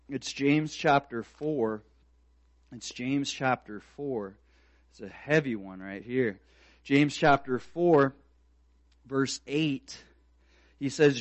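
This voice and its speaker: A man's voice: mid-range voice, slow, pauses often, no echo. A man preaching a sermon as pastor, speaking earnestly and building to emphatic, repeated exhortations.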